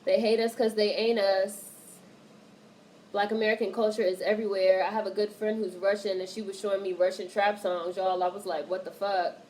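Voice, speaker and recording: A woman's voice: mid-range voice, flat delivery, fairly quick, a little mellow, a little hiss or hum, low-quality recording. A woman livestreaming casual commentary and reading viewer chat, talking bluntly and animatedly with plenty of profanity.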